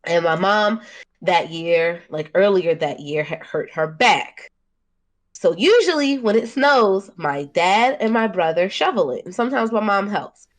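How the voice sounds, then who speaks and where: A young woman with a Baltimore accent, co-hosting a podcast and telling a story in casual chat, animated and laughing often. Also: mid-range voice, unhurried. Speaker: podcast co-host.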